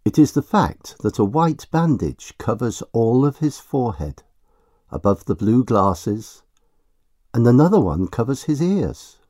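Slow, expressive male storybook narrator. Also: medium pitch, no room sound, studio quality.

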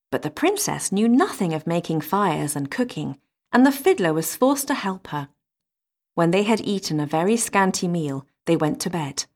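A woman reading a fairy tale aloud in a measured, expressive manner. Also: on the low side. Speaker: storyteller.

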